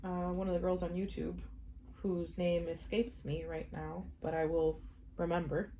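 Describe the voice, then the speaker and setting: A woman's voice: on the low side, flat delivery, unhurried, dark tone, a little hiss or hum. A woman chatting casually while she sews, rambling with fillers and small laughs. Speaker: sewing vlogger. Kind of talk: casual chat while sewing.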